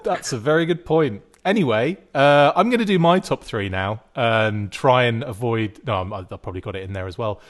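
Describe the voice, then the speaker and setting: A man's voice: mid-range voice, expressive, moderate pace, hardly any pauses. A man with a mid-range voice hosts a casual podcast chat over a remote mic. He rambles and jokes with his co-hosts and laughs often. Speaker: podcast host.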